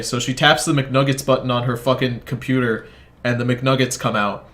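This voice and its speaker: This gaming video creator has a medium-pitched, slightly bright voice with fairly even intonation and a normal speed. While playing a video game, he rambles through a profane story in casual chat, often cutting himself off to comment on the gameplay.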